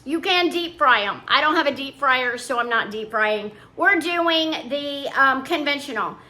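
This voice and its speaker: An older woman talks through her day in a homey, rambling way. Her voice sits high and rings bright. She drifts off into small asides as she goes. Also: lively intonation, a little slow. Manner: chatty and homey, trailing off into asides. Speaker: vlogger. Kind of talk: casual chat.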